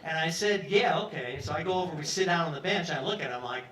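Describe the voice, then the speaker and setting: A man's voice: on the high side, very fast, crowd noise. A man in his sixties telling a casual, profane story live in a pub. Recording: roomy pub from far off.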